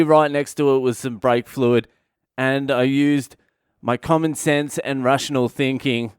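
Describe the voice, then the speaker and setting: A man's voice: medium pitch, clear, resonant tone, dry recording, studio quality. A man, a comedian and podcast host, telling rambling stories in a profane, casual comic monologue.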